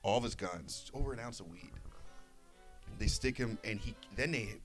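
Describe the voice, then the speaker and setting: Young man, podcast co-host, deep voice, casual swearing storyteller, faint background music. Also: normal speed, a bit bright. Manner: rambling storyteller, swears freely, acts out quotes. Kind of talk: casual chat.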